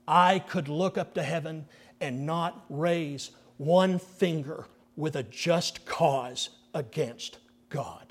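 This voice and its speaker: A middle-aged man preaching a sermon in a fairly high voice. He takes his time with each phrase, sinking into near-whispers to drive a point home. The delivery is earnest and deliberate. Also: slightly rough. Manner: dramatic, drops to hushed near-whispers for emphasis. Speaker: pastor.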